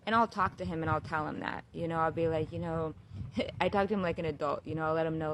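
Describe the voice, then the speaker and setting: A woman, a new mother, talking to her viewers in a casual, heartfelt monologue, earnest and unhurried, with many fillers like "you know" and "like.". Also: on the low side, fairly even intonation, noisy background. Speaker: new mother sharing a spiritual reflection.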